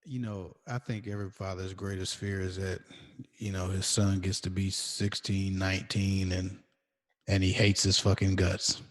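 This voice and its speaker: A man's voice: low voice, flat delivery, normal speed, big-room sound. A man co-hosting a podcast about fatherhood, speaking in an earnest, thoughtful, emphatic way. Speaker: podcast co-host. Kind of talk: casual chat.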